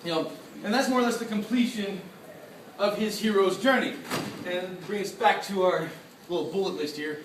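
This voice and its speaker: Excitable male panel speaker, high bright voice, heard from afar in a roomy hall. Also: moderate pace, background noise. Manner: excitable, laughs often, acts out reactions. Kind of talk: lively convention lecture. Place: convention panel room. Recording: echoey room, from far off.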